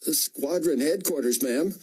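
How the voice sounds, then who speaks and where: Brief: a nervous young enlisted guy, stammering yes-ma'ams, read by a male narrator, husky, lifted pitch. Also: measured pace, darkish tone. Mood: flustered. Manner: hesitant, stammering, deferential.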